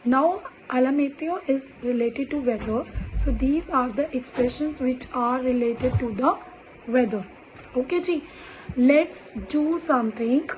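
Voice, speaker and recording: A woman teaching French in an online lesson, speaking deliberately and repeating words with many fillers. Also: sits high, darkish tone, slight background noise, low-quality recording.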